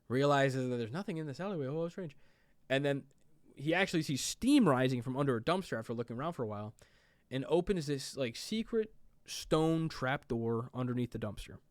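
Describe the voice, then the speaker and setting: A man's voice: medium pitch, animated, moderate pace, no room sound. A man casually recapping a movie plot, rambling with lots of "like" and "um". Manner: rambling, fillers like "like" and "um". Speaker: movie reviewer.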